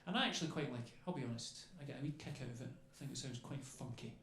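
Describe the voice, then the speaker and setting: A man's voice: mid-range voice, very fast, a bit bright. A man doing a stand-up comedy set on a club stage, rambling and chatty, tagging lines with "okay?" and "you know". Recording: echoey club room with faint noise.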